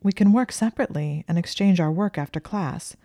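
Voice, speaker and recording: A woman reading the part of a nervous young woman student who sounds flustered and strained, in a low, mellow, dry voice. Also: a little fast, dry recording, lightly acted. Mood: anxious, pleading. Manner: flustered, strained and shrill at times.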